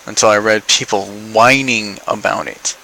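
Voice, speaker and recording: A man's voice: lowish voice, fairly even intonation, moderate pace, gravelly, sharp tone, rough recording. A young man ranting in an opinion vlog, exasperated, sarcastic and profane. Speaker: vlogger.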